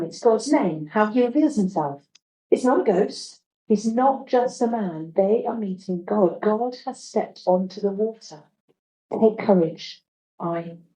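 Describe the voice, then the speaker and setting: An earnest woman preaching a reflective sermon in a mellow, warm voice. Her speech rings around an echoey church hall. She goes low and soft whenever she quotes the words of Jesus. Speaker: guest preacher.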